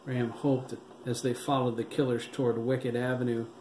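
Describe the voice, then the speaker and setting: A man, the author, narrating his horror audiobook in a measured, steady reading. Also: medium pitch, roomy sound, a little hiss or hum, poor audio.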